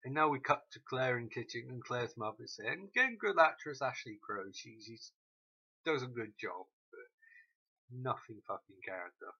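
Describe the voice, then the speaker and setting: A man ranting through a TV episode recap, swearing often and mocking the characters in quick quoted asides. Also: mid-range voice, animated, pushed and bright, husky, lo-fi sound. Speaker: show recap host.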